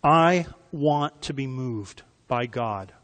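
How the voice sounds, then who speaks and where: A man's voice: mid-range voice, expressive, takes it slowly, a bit bright. Man preaching in an echoing hall. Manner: emphatic preaching, asking the congregation questions. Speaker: pastor. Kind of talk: sermon.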